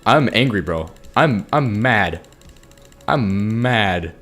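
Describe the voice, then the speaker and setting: A man's voice: expressive, slow pace, soft background music. A young man chatting casually over his gameplay, rambling loosely. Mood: frustrated yelling. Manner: rambling, bursts into high-pitched angry yelling. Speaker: gaming streamer.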